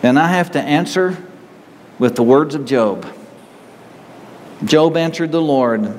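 A man's voice: on the high side, slow, long pauses, long reverb tail, a little hiss or hum, poor audio. A man preaching a sermon as pastor, earnest and growing emphatic as he reads scripture.

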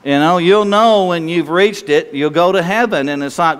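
Folksy preacher in a reverberant hall. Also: male voice, on the high side, expressive, moderate pace, hardly any pauses, clean tone. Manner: folksy, asks the listeners questions, laughs easily. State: itchy throat, slightly hoarse from allergies. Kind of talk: conversational sermon.

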